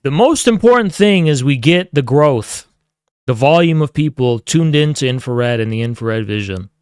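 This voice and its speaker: Smooth-voiced profane streaming man. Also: medium pitch, animated, normal speed, a little mellow, no echo, clean studio sound. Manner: profane, taunting, mock-grandiose. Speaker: livestream host. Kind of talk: casual streaming rant.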